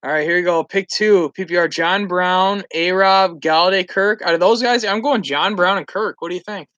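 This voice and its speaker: A man's voice: high-pitched, moderate pace, sharp tone, no echo, dull audio. A man co-hosting a fantasy football livestream from home, chatting casually and asking his partner what he thinks. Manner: chatty, asks for opinions. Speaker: fantasy football show co-host.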